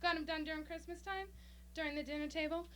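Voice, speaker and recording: Bubbly, excitable young woman comic. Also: sits high, fast. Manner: bubbly, excitable, breathless delivery. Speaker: stand-up comic. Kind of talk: stand-up comedy set. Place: small comedy club stage, audience laughing.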